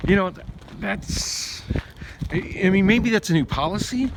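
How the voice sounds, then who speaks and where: His voice is gravelly and animated, and he doesn't rush as he vlogs about a rough ride. The casual storytelling rant wanders, packed with fillers and false starts, his pitch rising when he's worked up, all over a noisy background.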